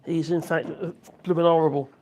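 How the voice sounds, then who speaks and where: A man's voice: on the high side, little pitch movement, a little fast, darkish tone, slight background noise. Guy rambling on a home livestream, chatty, reacting to comments as he goes. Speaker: political live streamer. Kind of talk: casual live-stream chat. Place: home office room with wood burner.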